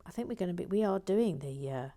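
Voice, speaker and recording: Soft-spoken woman chatting while she builds. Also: on the low side, lively intonation, fast talker. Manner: soft, often half-whispered, chatty. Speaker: host of a live building stream. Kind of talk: casual chat reading out viewer comments.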